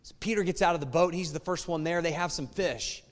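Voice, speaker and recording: A man's voice: on the high side, brisk. A man preaching a sermon in an emphatic, conversational way and often appealing directly to his listeners. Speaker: pastor. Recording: long reverb of a large hall.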